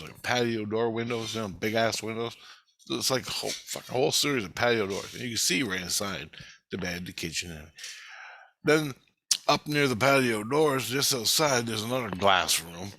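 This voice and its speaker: A man's voice: on the low side, bright, forceful tone, no echo. A man talking in a rambling, profane monologue about a dream he had.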